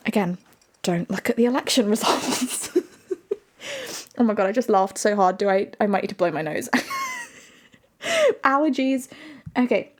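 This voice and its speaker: A woman's voice: mid-range voice, moderate pace, pauses often. A woman streamer in casual livestream chat, playful, laughing often and answering her viewers.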